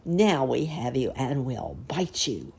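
A woman's voice: very deep voice, very animated, takes it slowly, vocal fry, a little mellow, slight background noise, exaggerated voice. A woman voicing a sly, gloating male mosquito villain in a storybook reading, taunting his trapped prey.

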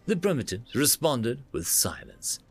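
A male storyteller with a gravelly, fried edge to his voice, reading a fantasy tale with a lively, swooping delivery. The sound is dry and close, with faint music underneath. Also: mid-range voice, unhurried, no echo. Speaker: narrator. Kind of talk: storytelling narration.

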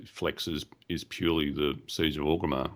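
A man's voice: a bass voice, fairly even intonation, normal speed. A man, co-hosting a casual gaming podcast, rambling and hesitant with many fillers. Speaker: podcast co-host.

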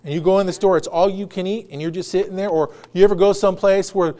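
A man's voice: high-pitched, steady tone, fast, warm tone. A male pastor preaching a conversational sermon, laughing often and acting out quotes.

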